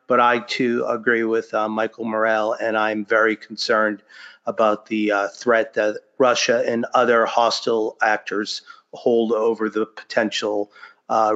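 A man with a mid-range voice talks slowly on a casual panel chat. He hesitates often and fills pauses with "uh" and "um." The audio sounds dull and lo-fi. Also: medium pitch, fairly bright tone. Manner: hesitant, many fillers. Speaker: podcast panelist.

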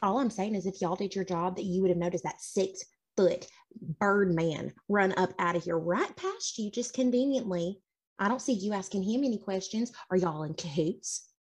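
A woman's voice: mid-range voice, animated, normal speed, husky. A woman player role-playing her character in a sassy, drawling, confrontational way.

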